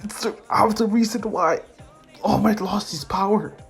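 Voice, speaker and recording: A man voicing a hot-headed teenage boy, a frustrated hero rival who yells his lines. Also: sits high, moderate pace, creaky, slightly rough, soft background music, voice pushed up, full character voice. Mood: anguished. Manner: yelling, frustrated.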